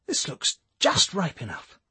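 A woman's voice: unhurried, pushed and bright, dry recording. A man voicing a casual, teasing motherly woman in an audiobook. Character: breezy, motherly British woman.

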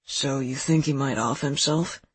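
A woman's voice: a bass voice, measured pace, breathy edge, dry recording, pitched below the performer's own voice, heavily acted. A woman reading an audiobook, voicing a laid-back young man who talks in an easygoing, slangy way. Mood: hesitant.

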